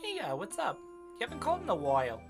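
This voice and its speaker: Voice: huge pitch swings, fast. A streamer voicing a bubbly, teasing teenage girl in an exaggerated Brooklyn accent, reading game dialogue aloud. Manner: high and playful, teasing, stretched words. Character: bubbly teenage girl spirit medium, cheeky younger sister. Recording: game music underneath.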